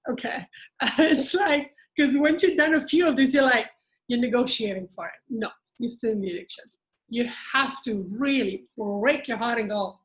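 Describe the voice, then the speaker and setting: A woman's voice: high-pitched, moderate pace, low-quality recording. A woman leading a group therapy session, coaching members in a direct, emphatic way.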